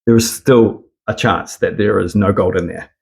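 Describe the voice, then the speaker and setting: A man's voice: on the low side, normal speed, vocal fry. A man delivers a casual opinion monologue in a rambling, swear-heavy style. He comes across as sarcastic and loose, with plenty of filler along the way. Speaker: commentator.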